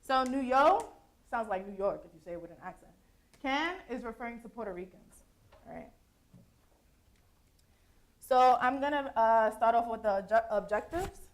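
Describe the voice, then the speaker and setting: A woman's voice: fairly high pitch, lively intonation, moderate pace, long pauses. A young woman giving a casual, chatty conference presentation to a room, laughing easily as she talks. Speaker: student presenter.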